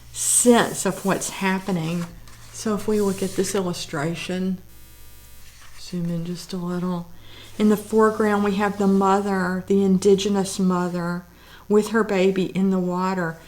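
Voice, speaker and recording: A woman artist talking through her art book collection, gushing with admiration and audibly teary, lingering on words of praise. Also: mid-range voice. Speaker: artist and vlogger. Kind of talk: casual show-and-tell of art books.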